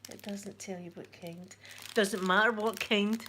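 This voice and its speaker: A Scottish woman hosting a casual unboxing vlog, excitable and emotional, gasping as she talks. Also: medium pitch, measured pace. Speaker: channel host. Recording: noisy with packaging crinkles.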